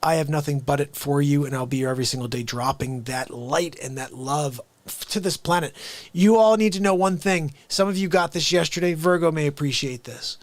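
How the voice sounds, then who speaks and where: An upbeat, excitable man chats casually to his livestream viewers. His voice sits a bit high for a man and sounds close and dry, with no room around it. He swings from loud, eager bursts to low, muttered asides. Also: fairly quick, no room sound. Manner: talks straight to the viewers. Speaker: livestream host. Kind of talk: casual live-stream chat.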